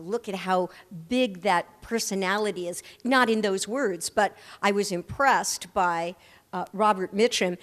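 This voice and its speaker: Older woman telling stories in a reverberant hall. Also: mid-range voice. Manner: animated anecdote-teller who acts out the people she quotes. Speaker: actress and interview guest. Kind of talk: storytelling on stage in a live interview. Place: large hall at a live audience event.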